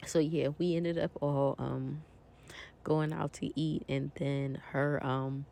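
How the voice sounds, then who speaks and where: A woman's voice: sits low, flat delivery, slow, vocal fry, dark tone. A woman vlogger chatting casually to her viewers as she decorates a planner, talking straight to them. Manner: chatty, talks directly to viewers.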